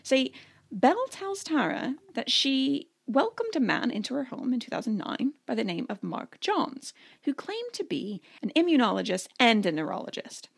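A woman in her thirties from Canada co-hosting a podcast, telling a story in a chatty, animated way and often laughing. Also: high-pitched, normal speed, creaky, breathy edge. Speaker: podcast co-host. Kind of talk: casual storytelling chat.

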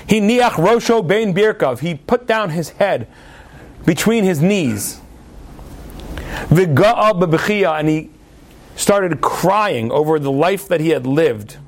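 A man giving a sermon as a story, animated and acting out the voices of the figures in it. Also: high-pitched, slow.

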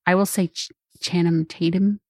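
A woman's voice: on the low side, flat delivery, moderate pace, a little mellow, husky, no echo, studio quality. A woman co-hosting a podcast, guessing answers in a good-humored, laughing casual chat. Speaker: podcast co-host.

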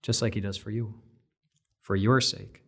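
A man's voice: lowish voice, level tone, measured pace, creaky, fairly bright tone, husky. A man giving an earnest, conversational devotional Bible talk, repeating phrases for emphasis. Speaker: devotional speaker.

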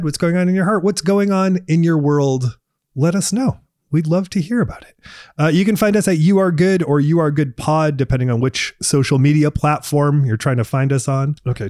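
A man co-hosting a podcast about movies and feelings, talking in a relaxed, chatty way with filler words. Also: a little high, no room sound, studio quality. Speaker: podcast co-host. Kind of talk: casual podcast chat.

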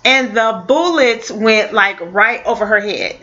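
A woman telling a personal story in a casual, halting way, with many fillers and restarts. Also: on the high side, sharp tone. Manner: halting, full of fillers and restarts, laughs now and then. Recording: dull lo-fi audio.

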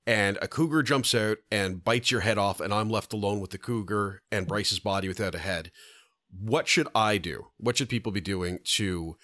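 A man with a lowish voice hosts a casual interview, chatty and playful as he sets up his questions. He is from Toronto, and his voice sounds dry and close to the mic. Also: normal speed, sharp tone, no room sound. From Toronto, Canada. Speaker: host.

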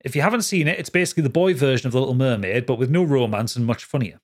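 A man hosting a podcast, chatting casually, laughing often and reading listener messages in an animated way. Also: very fast. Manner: lively, laughs often, jumps high when reading quotes. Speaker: podcast host.

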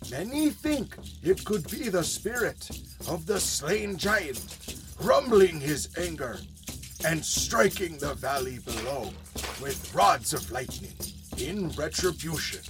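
A man as a grave, slow legend teller. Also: a little high, full character voice. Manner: slow, grave, measured delivery. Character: solemn storyteller man telling a legend. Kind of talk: narrated puppet theater legend. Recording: music playing under the voice.

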